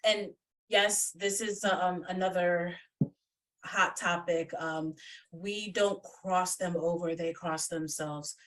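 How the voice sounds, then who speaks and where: A woman's voice: lowish voice, steady tone, takes it slowly, fairly bright tone. Blunt psychic lady chatting on a video call, sounds kinda far off from the mic, swears a lot. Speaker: psychic medium guest. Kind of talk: casual chat. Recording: distant from the mic.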